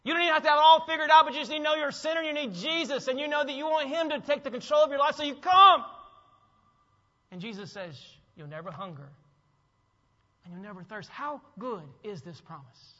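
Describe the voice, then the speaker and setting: A man with a very high, bright and forceful voice preaches an emphatic sermon, repeating his phrases and questioning the congregation. His voice rings with long reverb through a church sanctuary. The sound is a little dull. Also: quick pace. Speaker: pastor.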